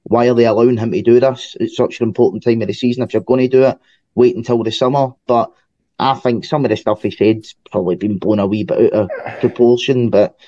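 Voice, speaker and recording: Relaxed Scottish man, dull dry sound. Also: medium pitch, fairly quick, dry recording. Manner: relaxed, filler-heavy chat. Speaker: podcast co-host, fan. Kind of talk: casual football chat.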